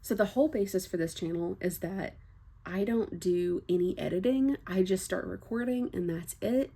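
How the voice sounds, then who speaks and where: A young woman from Texas, speaking General American with a faint Southern trace, chatting unscripted to camera about her life and books. She rambles with frequent fillers and soft laughs. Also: medium pitch, moderate pace, breathy edge. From Texas, USA. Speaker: book vlogger. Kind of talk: unscripted casual chat to camera.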